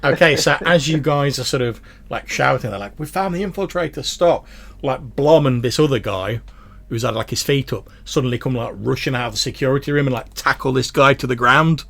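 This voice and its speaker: A man's voice: medium pitch, a little fast, vocal fry, a bit bright. A man narrating a tabletop game as game master in a chatty, filler-heavy way.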